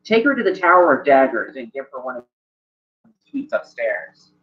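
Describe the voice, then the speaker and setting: A man voicing a stern woman in charge who gives brisk orders in a tabletop game. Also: medium pitch, sing-song, lo-fi sound, close to an everyday voice. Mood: commanding. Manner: brisk, commanding.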